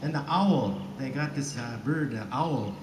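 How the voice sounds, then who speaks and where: A man tells funny stories to a crowd and plays flute outdoors in a park, chatty and chuckling. He sounds set back from a touchy microphone, with a roomy echo around him and a steady wash of background noise. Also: mid-range voice, unhurried. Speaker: flute player and storyteller. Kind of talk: casual storytelling to an audience. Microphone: touchy microphone he stands back from. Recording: echoey, distant, noisy outdoor sound.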